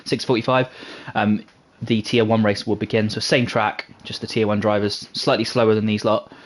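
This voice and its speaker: A man's voice: lowish voice, little pitch movement. Upbeat man calling race results. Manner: upbeat, reads results in a quick list. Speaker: race commentator. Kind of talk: post-race commentary.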